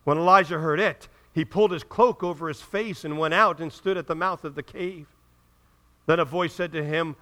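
A man's voice: on the high side, fairly even intonation, moderate pace, a bit bright. A male pastor preaching a fervent sermon, reading scripture and calling out to the congregation with rising and falling emphasis.

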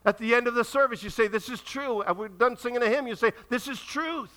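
A man's voice: very high-pitched, fairly quick, sharp tone. A male pastor preaching a sermon with emphasis, acting out the quoted dialogue as he goes.

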